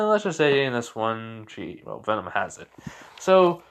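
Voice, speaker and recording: A man's voice: sing-song, smooth. Rambling young man telling a fan story. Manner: rambling, full of fillers and restarts, quick pitch jumps for dialogue. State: drowsy, just woke from a nap. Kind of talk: casual improvised fan story narration.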